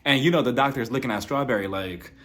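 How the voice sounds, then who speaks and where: In a gossipy reality TV episode review, this man talks fast with a mid-range, slightly bright voice. He chats casually and mimics what the cast said in playful voices.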